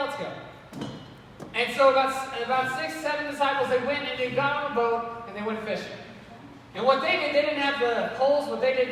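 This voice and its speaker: Man, children's church teacher; easygoing and lively, asks the kids questions; distant mic, very echoey room. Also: very high-pitched, a little hiss or hum. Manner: casual and lively, asks the kids questions and gets them to respond. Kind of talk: Bible lesson for kids. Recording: echoey hall, voice from far off.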